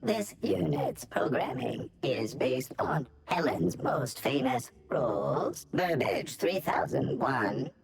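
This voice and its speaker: A man's voice: mid-range voice, huge pitch swings, slow, vocal fry, hardly any pauses, heavily acted. A man voicing a theatrical male robot actor in a video game, with a stiff, mechanical, announcing delivery. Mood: smug.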